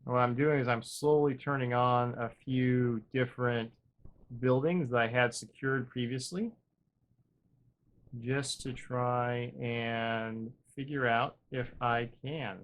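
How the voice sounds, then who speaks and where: Taking things slowly in a steady, medium-pitched voice, a male gaming channel host muses aloud with wry jokes at his own expense. His casual commentary wanders from upbeat asides to quiet muttering.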